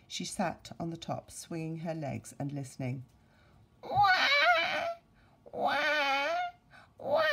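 A woman teacher reading a story aloud to her pupils, expressive and playful with sound effects and asides. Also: low voice, vocal fry, breathy edge. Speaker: primary school teacher.

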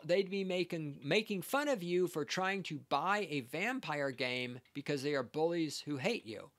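Male podcast host, higher-pitched voice, sarcastic and scornful, heated commentary. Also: a bit bright. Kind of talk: ranting commentary reacting to a read-out text.

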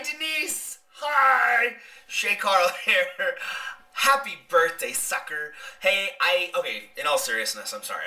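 A woman's voice: fairly low pitch, sharp tone, distant mic. A woman giving a mock-earnest, joking birthday message.

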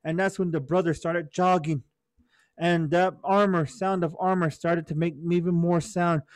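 A man tells a traditional story to children in a gentle, teacherly way, checking in often with his listeners. His voice is fairly high for a man. The sound is dry and close, with no room echo. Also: steady tone, moderate pace. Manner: gentle teacherly, often asks "right?" and "okay?". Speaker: storyteller for youth.

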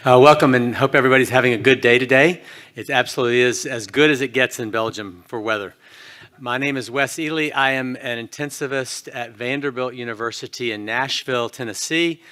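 A man's voice: mid-range voice, a little fast, sharp tone. A man from Louisiana with a Southern US accent, giving a conference lecture and quizzing the audience in a folksy way. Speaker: conference speaker, intensivist.

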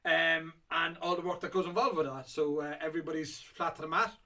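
A man's voice: fairly high pitch, steady tone, fairly quick, sharp tone. A middle-aged man hosting a whiskey auction preview, rambling casually with lots of fillers and restarts. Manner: rambling and chatty with many fillers.

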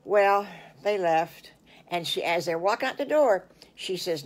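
A woman's voice: lowish voice, lively intonation, a little slow. An older woman telling her own made-up story to children, folksy and full of little exclamations. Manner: folksy, exclaiming "oh my goodness gracious". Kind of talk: improvised children's story narration.

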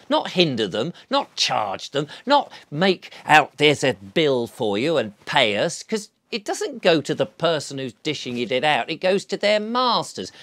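A man's voice: mid-range voice, dry recording. A man giving an earnest, rambling monologue to camera, coaxing and full of restarts. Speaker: video blogger.

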